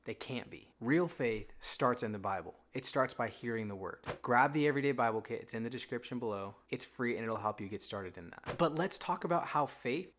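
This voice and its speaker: A young man talks about faith in a relaxed, everyday way, as if chatting with a friend. His voice sits in an ordinary middle range. He slips into quick quoted asides to act out doubts and inner thoughts. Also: medium pitch. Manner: casual, conversational, acts out quoted thoughts. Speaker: Christian content creator. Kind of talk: faith-talk monologue.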